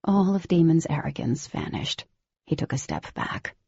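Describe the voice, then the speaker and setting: A woman giving scripted first-person audiobook narration in a steady, even storytelling manner. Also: low-pitched, moderate pace, creaky, breathy edge, no room sound, dull audio.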